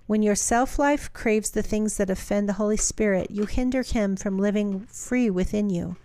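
A woman co-hosting a talk podcast, moving between easy chat and reading scripture aloud. Her voice sits at a middle pitch. The sound is dry and close, with no room echo. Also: moderate pace, dark tone. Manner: reads aloud steadily, laughs easily. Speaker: podcast co-host.

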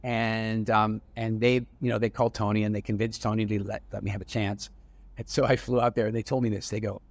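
A middle-aged man, an entrepreneur guest, telling stories in a casual, animated way with frequent restarts and acted-out dialogue. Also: fairly low pitch, a little fast. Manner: animated storyteller with many restarts, acting out dialogue. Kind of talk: casual storytelling interview.

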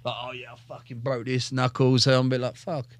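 A man's voice: medium pitch, completely flat delivery, fast talker, dry recording. A man in his thirties, a fighter and former soldier, swears constantly and acts out his story in a casual interview. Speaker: podcast guest, UFC fighter and ex-soldier.

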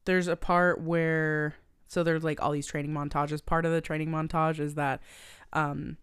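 This is a young woman recapping a film on a podcast in casual chat. Her voice sits on the low side and sounds dry and close. She swears constantly and jumps into the characters' voices. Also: normal speed, clear, resonant tone, dry recording. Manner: profane, animated, acts out quoted lines. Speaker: podcast co-host.

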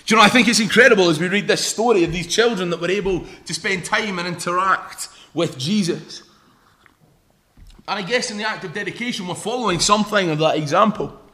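A man's voice: sits high, fairly quick, bright, forceful tone. A young man preaching a sermon in an informal, joking way, telling a story to the congregation. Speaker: pastor.

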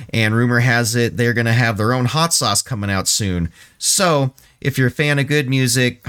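A man's voice: fairly low pitch, a bit bright, clean tone. A man co-hosting a podcast in casual chat, laid-back and swearing freely, with many ums and restarts. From San Diego area. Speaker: podcast co-host.

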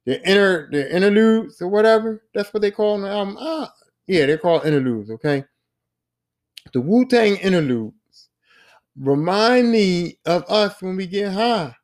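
A man's voice: sits high, lively intonation, measured pace, darkish tone. A man hosting a solo podcast, talking in casual slangy street speech, profane and emphatic, repeating lines for emphasis. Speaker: podcast host.

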